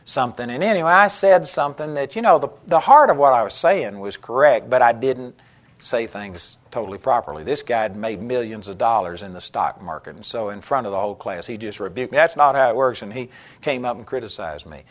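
A man teaching a Bible class, telling personal stories in a conversational way and getting louder and more animated when he quotes himself. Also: medium pitch, brisk, muffled recording. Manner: conversational storytelling, gets loud and animated when quoting himself.

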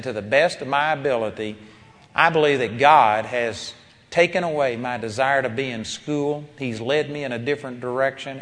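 A man preaching a sermon, telling a personal story with animated rises and quiet drops when quoting people. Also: mid-range voice. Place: large seminar hall. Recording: long reverb of a large hall.

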